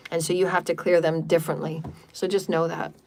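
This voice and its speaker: A woman's voice: low-pitched, little pitch movement, a little fast, vocal fry, a little mellow, slight background noise. Woman healer repeating phrases. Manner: repeats words and phrases in runs; speaks in chanted syllables. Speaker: spiritual healer. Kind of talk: guided healing meditation and live chat. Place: home livestream.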